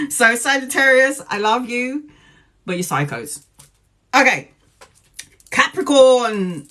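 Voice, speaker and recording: A woman's voice: on the low side, expressive, normal speed, sharp tone. A woman talking casually on a live stream as a tarot reader, chatty and joking, laughing often. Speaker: tarot reader livestreaming to viewers.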